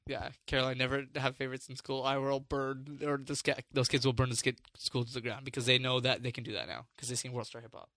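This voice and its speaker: A young man on a podcast telling a story in casual chat, animated and swearing freely, acting out what people said. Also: mid-range voice, fast talker, few pauses, dry recording.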